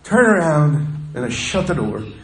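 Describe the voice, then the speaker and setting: Male pastor, earnest storytelling sermon, slightly high voice, roomy church echo. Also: big pitch swings, normal speed. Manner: earnest, conversational, drops to hushed tones. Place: church sanctuary.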